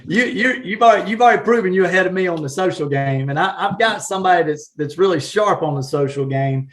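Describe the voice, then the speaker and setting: A man with a Southern accent from South Carolina, talking in a folksy, animated way with frequent laughs in a casual live-stream chat. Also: high voice, fast talker, hardly any pauses. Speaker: guest, real estate agent.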